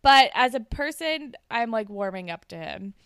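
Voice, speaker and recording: A woman's voice: on the high side, lively intonation, normal speed, fairly bright tone, clean tone, no echo, studio quality. A young woman co-hosting a podcast, chatting casually and recapping a TV episode, animatedly acting out the characters' lines. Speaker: podcast co-host.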